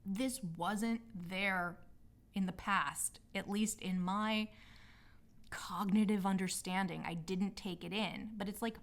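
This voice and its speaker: A woman sharing a personal story in a candid, reflective monologue, speaking loosely with many fillers and openly apologizing for past mistakes. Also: medium pitch. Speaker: healing arts practitioner hosting a personal podcast.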